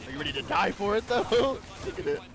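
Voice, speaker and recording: A man's voice: sits high, sing-song, brisk. Joking young streamer man over music. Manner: joking, acts out what players think. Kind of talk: casual livestream watch-along chat. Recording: music playing behind.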